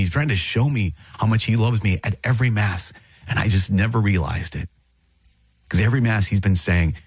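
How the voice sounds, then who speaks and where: Low husky male voice, earnest podcast teaching, dry close sound. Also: dry recording. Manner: earnest, animated storytelling, laughs between phrases. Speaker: priest, podcast host. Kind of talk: podcast teaching on scripture and catechism.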